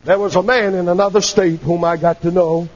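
A male preacher giving an impassioned sermon, calling on the congregation for amens and breaking into shouts. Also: sits high, steady tone, fairly quick, muffled recording. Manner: impassioned, calls for amen, sudden shouts.

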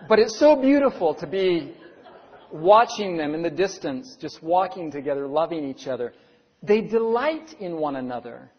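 A man's voice: on the high side, sing-song, normal speed. A middle-aged man preaching a sermon as pastor, earnest, asking his listeners rhetorical questions. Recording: dull lo-fi sound with long hall reverb.

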